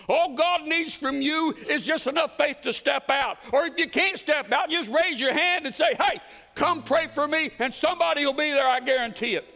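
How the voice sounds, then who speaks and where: A man preaching a folksy, earnest sermon in a church, emphatic and sometimes dropping to a hush. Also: extremely high pitch, vocal fry. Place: church sanctuary. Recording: reverberant church hall with soft guitar.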